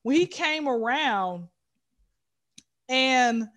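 High voiced lady comedian, animated storytelling, does little voices. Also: drawn-out words. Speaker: comedian guest.

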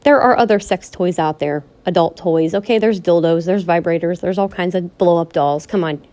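A woman's voice: on the low side, moderate pace, mellow. A woman vlogger ranting in a personal vlog, pleading and upset, repeating herself and restarting her sentences. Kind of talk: emotional personal vlog rant.

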